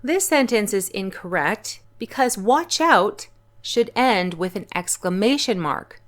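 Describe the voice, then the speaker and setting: A woman's voice: medium pitch, expressive, a little slow. A woman hosting her own channel, giving a patient English punctuation lesson. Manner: clear, patient explaining. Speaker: English teacher. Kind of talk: online grammar lesson.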